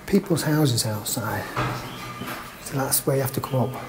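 A man's voice: mid-range voice, normal speed, background noise. A man with a Manchester accent chatting through a casual vlog walkthrough of a small hotel room and stairwell, with jokey, wry asides. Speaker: travel vlogger reviewing a hotel.

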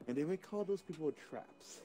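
A man's voice: on the high side, lively intonation, moderate pace, warm tone, faint music behind. A man in his twenties, streaming a game, telling a rambling story to a friend and laughing often. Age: 20s. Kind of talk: casual chat while gaming.

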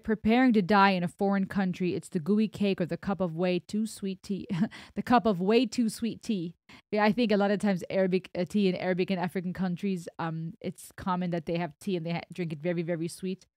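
A woman's voice: medium pitch, no room sound, clean studio sound. Reflective American-accented woman reacting to music. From Germany. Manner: reflective, explaining at length. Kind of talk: reaction commentary.

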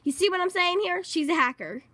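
A woman giving casual gameplay commentary, excitable and rambling, repeating herself a lot. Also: very high voice, brisk, no room sound. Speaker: gaming channel host.

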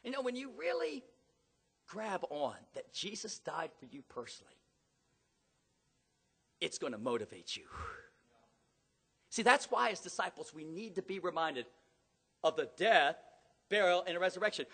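A middle-aged man preaching a sermon in a church, telling stories dramatically and rising to loud emphatic peaks. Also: high-pitched, sing-song, moderate pace, long pauses, breathy edge. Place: church hall. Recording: long hall reverb.

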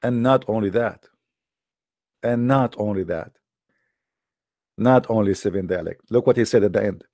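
A man's voice: lowish voice, normal speed, warm tone, no echo, clean studio sound. A man in a live-streamed religious debate talk, mocking his opponents with sarcastic rhetorical questions in broken English. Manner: non-native broken English grammar.

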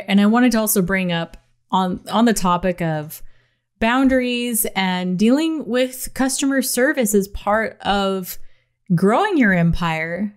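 A woman's voice: mid-range voice, clean tone. Chatty woman co-hosting a podcast. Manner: animated storytelling with laughs. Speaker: podcast co-host. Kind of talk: casual podcast chat.

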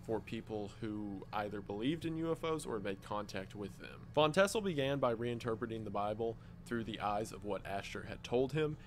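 A man's voice: lowish voice, lively intonation, moderate pace, hardly any pauses, slight background noise. A man narrating an explainer video in a scripted, explanatory way with dry, wry asides.

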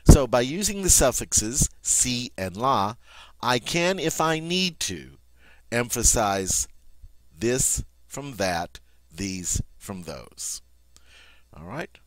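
Lively, slow-spoken male French teacher. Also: mid-range voice, dry recording. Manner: emphatic, repeats "all right" often. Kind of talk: recorded French lesson.

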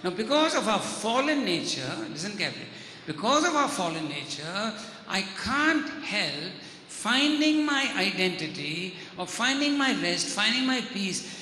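A man's voice: sits high, sing-song, measured pace, bright, forceful tone, a little hiss or hum. A man preaching a sermon, teaching earnestly and often repeating and restarting words. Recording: echoey hall reverb.

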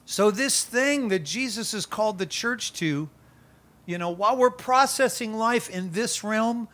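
A man pastor preaching a sermon at an outdoor worship gathering, conversational and energetic with playful asides. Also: sits high, unhurried.

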